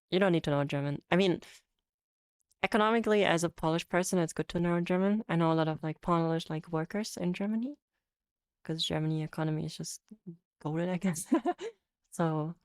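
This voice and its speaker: A European woman with a notably low voice talks to her stream chat in a loose, rambling way. She laughs often and stumbles into restarts, and the sound is dry and close, with no room around it. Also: creaky, darkish tone, no echo. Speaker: VTuber streamer. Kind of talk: casual chat reading viewer comments.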